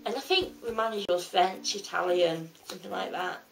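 A woman tells a story to the camera in a casual, rambling way, stopping and restarting as she goes. Her voice has a gravelly edge, and faint music plays in the background. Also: mid-range voice, brisk, poor audio. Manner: rambling retelling with restarts and fillers. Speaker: vlogger.

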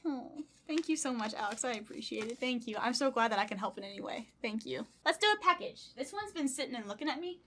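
A woman's voice: on the high side, lively intonation, fast talker, few pauses, sharp tone, a little hiss or hum. A young woman streamer opening fan mail, gushing and squealing with delight and close to tears as she reads letters aloud. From United States. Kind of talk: casual excited unboxing vlog.

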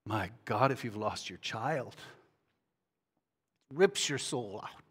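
A man, a guest pastor, preaching a sermon that swings between loud bursts and hushed, tender passages. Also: on the low side, expressive, takes it slowly, slightly rough.

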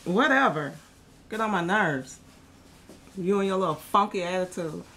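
A woman's voice: lowish voice, normal speed, bright, forceful tone. A woman hosting a casual family vlog at home, a mother who teases and laughs often. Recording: noisy home recording.

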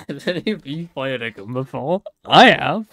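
A man's voice: mid-range voice, expressive, moderate pace, fairly bright tone, no echo. A young man on a casual gaming livestream, joking and bantering playfully with a friend. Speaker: streamer.

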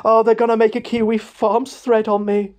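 A man's voice: high-pitched, level tone, normal speed, darkish tone, smooth, pitched above the performer's own voice, natural voice. A man putting on a panicking, whiny young man who pleads breathlessly. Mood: panicked.

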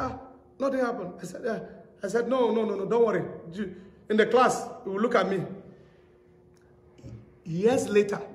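A man preaching a sermon, telling stories with acted-out dialogue and rising to shouted exhortation. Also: very high voice. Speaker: pastor. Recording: echoey hall reverb.

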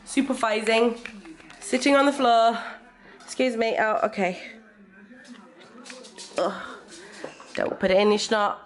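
A woman's voice: fairly high pitch, takes it slowly, pauses often. A young English woman vlogging at home, encouraging her baby with sing-song baby talk and chatting to the camera. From Cheshire, England. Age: young adult. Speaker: vlogger and mother. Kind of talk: casual home vlog. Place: home living room.

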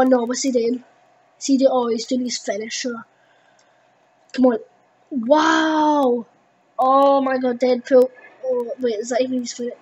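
Teen girl, high pitched, excitable gameplay commentary, rambling, faint background hum. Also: lo-fi sound. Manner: excitable, rambling, full of fillers. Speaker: gaming video host.

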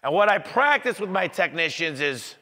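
Energetic male speaker, bright tone, echoey hall, business talk. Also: sits high, moderate pace. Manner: energetic, acts out customer dialogue. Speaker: business owner giving a talk.

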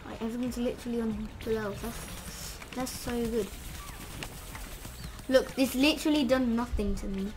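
A woman giving casual gameplay commentary, excitable and trash-talking, with lots of "literally" and "like". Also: on the high side, normal speed, background noise. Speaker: gamer. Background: game music.

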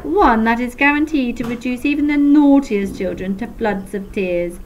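A woman's voice: moderate pace, a little mellow, slight background noise, close to an everyday voice, rough recording. A woman voicing a stern male science teacher who barks and bellows his commands. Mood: gloating. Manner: booming, barking commands.

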